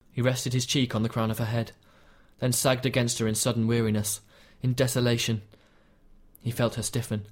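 Male audiobook narrator, mid-pitched, measured, even delivery for tense fiction. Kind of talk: scripted narration.

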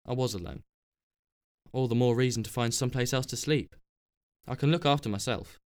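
A man's voice: medium pitch, brisk, clear, resonant tone, lightly acted. A man voicing a wry, self-assured young drifter. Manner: quiet and assured.

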